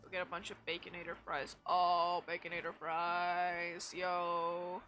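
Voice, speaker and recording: A woman's voice: fairly low pitch, completely flat delivery, a little slow, a bit bright, faint music behind. A young woman streaming a game, chatting casually in a blunt, rambling way with frequent swearing. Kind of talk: casual chat while gaming.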